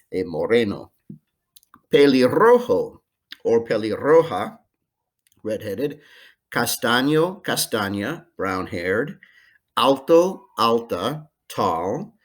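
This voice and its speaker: Guy recording a language lesson at home, lowish voice, careful, lots of uhs. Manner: slow, careful modeling of phrases with filler ums. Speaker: Spanish teacher.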